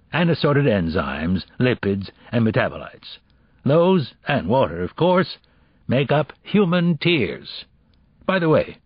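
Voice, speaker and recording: A man's voice: mid-range voice, dry recording, pitched above the performer's own voice. A man voicing a sardonic, brilliant middle-aged male criminalist who lectures in a dry, impatient way, in an audiobook. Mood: lecturing. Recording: dull, dry audiobook recording.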